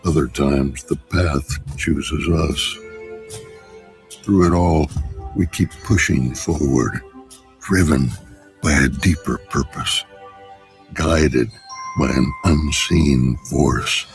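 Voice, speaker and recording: A grave movie trailer narrator, with a very deep voice. His delivery is slow and measured, laid over loud music. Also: creaky, full character voice. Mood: solemn.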